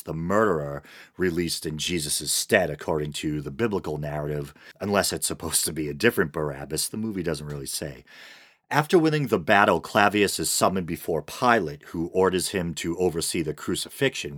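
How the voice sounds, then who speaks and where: Low-voiced man with wry asides. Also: no room sound. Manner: wry, conversational, with dry asides. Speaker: film reviewer. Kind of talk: casual scripted film review narration.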